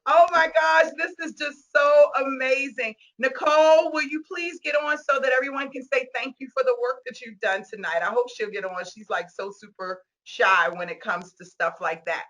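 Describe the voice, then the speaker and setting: A woman hosting a virtual meet-and-greet over a video call, gushing and excitable, laughing often and close to tears. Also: sits high, normal speed, hardly any pauses. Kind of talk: casual video-call chat.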